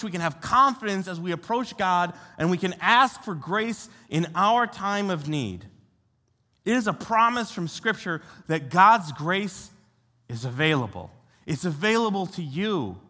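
A young American man, a youth pastor, preaching a sermon in an animated, conversational way and asking his listeners rhetorical questions. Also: high-pitched, a little slow. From United States. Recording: long hall reverb.

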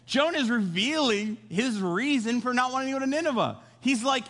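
A male pastor preaching a sermon, telling the story in a jokey, animated way and acting out voices. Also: extremely high pitch, brisk, big-room sound.

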